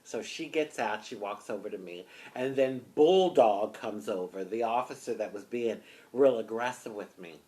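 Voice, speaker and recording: A woman from the United States telling a personal story in an animated, expressive way, often saying "honey". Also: extremely low pitch, moderate pace. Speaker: vlogger.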